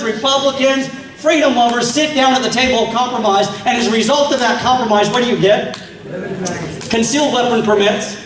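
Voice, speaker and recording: A man giving a fiery political speech at a meeting, rousing the crowd with rhetorical questions. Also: extremely high pitch. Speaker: political speaker. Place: meeting hall. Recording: echoey hall from far off.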